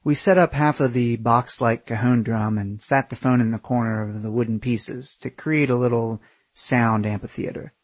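A man narrating his own memoir in a wry, candid way, with casual swearing and a husky voice. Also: mid-range voice, fairly even intonation, normal speed, no echo. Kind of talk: first-person memoir narration.

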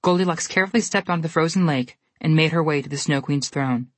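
Low, husky woman narrating a storybook. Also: fast, dry recording. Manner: steady, expressive storytelling.

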